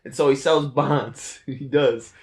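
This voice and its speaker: A man's voice: mid-range voice, steady tone, slow pace, roomy sound. A man giving a casual, laughing recap of a movie's plot, slipping into goofy voices for the characters.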